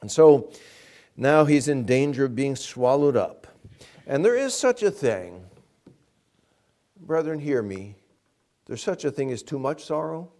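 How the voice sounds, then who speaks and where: Animated, earnest male pastor preaching. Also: mid-range voice, unhurried, pauses often. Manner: earnest, emphatic preaching with direct questions to the congregation. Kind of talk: sermon.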